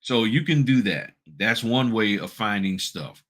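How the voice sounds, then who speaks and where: A man's voice: lowish voice, unhurried, fairly bright tone. A man hosting a notary business channel, talking casually and bluntly, firing off rhetorical questions in a colloquial way. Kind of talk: casual advice talk with screen walkthrough.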